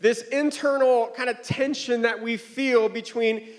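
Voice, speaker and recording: A man in his thirties preaches with a light, high-pitched voice. His delivery is loose and chatty, full of fillers and small laughs, like a pastor telling a story from home. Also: fairly even intonation, measured pace. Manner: casual, conversational, with frequent fillers and chuckles. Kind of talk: sermon with personal story.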